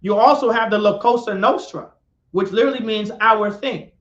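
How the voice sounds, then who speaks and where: A man's voice: high-pitched, moderate pace, a bit bright. A man teaching a live-streamed class lecture, repeating himself and putting questions to his listeners. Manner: repetitive, questions the audience and calls on them. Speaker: class instructor. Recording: echoey, dull lo-fi sound.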